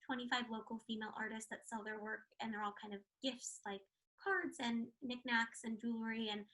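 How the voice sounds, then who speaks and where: A young American woman chatting in an interview, her voice bright and forward, a little higher than most women's. She tells stories in a bubbly, rambling rush, stringing thoughts together with casual fillers. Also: steady tone, low-quality recording. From United States. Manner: bubbly, fast-rambling storyteller with frequent laughs and filler likes. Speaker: actress, interview guest.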